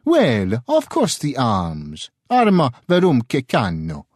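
A man voicing a small, skinny, excitable Italian merchant in a storybook reading. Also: mid-range voice, slow pace, no room sound, clean studio sound, voice pushed up, heavily acted.

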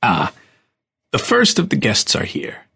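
A man voicing an earnest, respectful adult guide figure in an audiobook, pitching his voice higher than his own. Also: wildly swooping pitch, measured pace, gravelly, bright, forceful tone, slightly rough, heavily acted.

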